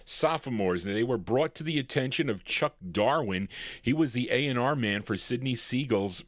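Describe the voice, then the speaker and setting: A man's voice: mid-range voice, normal speed, dry recording, clean studio sound. Chatty, rambling oldies radio DJ man. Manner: rambling, chatty asides between records. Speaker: radio show host. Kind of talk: live radio DJ patter.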